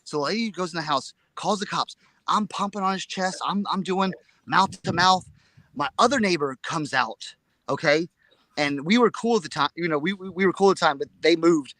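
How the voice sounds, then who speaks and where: A man co-hosting a casual live chat, telling a story in an excitable, rambling way and repeating his words. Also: sits high, moderate pace, no echo. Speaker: reseller show co-host.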